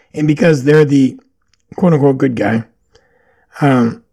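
Male podcast host, raspy with vocal fry; opinionated, questioning, loose and unscripted. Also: mid-range voice, slow, darkish tone. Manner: questioning, opinionated rambling with fillers. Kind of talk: solo podcast monologue.

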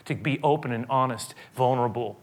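A middle-aged male pastor preaching a sermon, moving between quiet reflection and rising, emphatic appeals. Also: mid-range voice, brisk.

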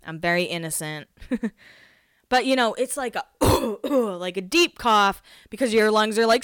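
Woman host, gossipy reality-TV recap, smooth clear voice, dry close sound. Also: a little slow, a bit bright, no echo. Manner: gossipy, jumps between topics, acts out quotes in a higher voice. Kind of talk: casual chatty recap. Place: home, alone.

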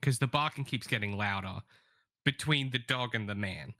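Lively swearing man telling a story. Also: medium pitch, a little slow, dry recording. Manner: animated storytelling, swears freely, acts out quotes. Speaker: podcast co-host. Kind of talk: casual advice-podcast chat.

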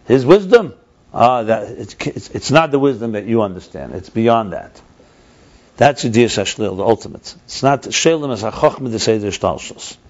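A man's voice: medium pitch, expressive, normal speed. Man explaining a text, lo-fi. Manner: explains step by step, reads passages aloud and glosses them, repeats himself. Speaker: teacher of a text class. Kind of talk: text study lesson. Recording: dull lo-fi recording.

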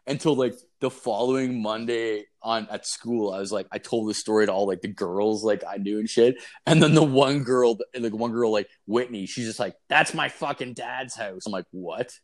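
A man's voice: fairly low pitch, normal speed, hardly any pauses. A young man co-hosting a podcast, telling rambling, profane stories in casual chat and laughing through them. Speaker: podcast co-host.

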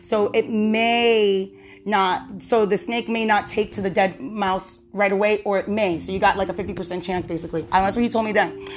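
A woman's voice: medium pitch, fairly even intonation, moderate pace, slight background noise. A young adult woman hosting a podcast, chatting casually and telling a story, laughing often and acting out the voices she quotes. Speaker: podcast host. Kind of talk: casual chat.

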